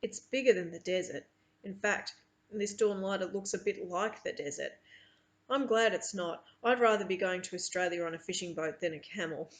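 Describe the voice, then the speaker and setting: A woman's voice: lowish voice, normal speed. A woman teacher reading a novel aloud to her students, with chatty asides between passages.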